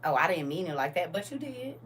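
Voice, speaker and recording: With a fairly low, sing-song voice and a fairly quick delivery, a middle-aged woman hosts a live stream on TikTok, telling stories bluntly and scolding her audience casually. Faint noise can be heard, and she's far from the mic.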